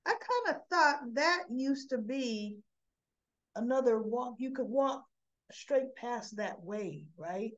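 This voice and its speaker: A woman with a fairly high voice talks slowly and chattily as she recaps a soap episode. She jumps higher to play out the quoted lines. The recording is dull and lo-fi. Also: lively intonation. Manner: chatty, acts out quotes with rising pitch. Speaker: soap opera recap vlogger. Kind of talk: casual retelling of a soap episode.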